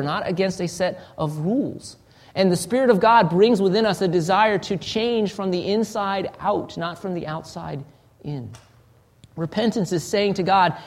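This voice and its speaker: A man preaching a sermon in an earnest, searching way, often restarting phrases and sinking to a soft, low voice. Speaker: pastor.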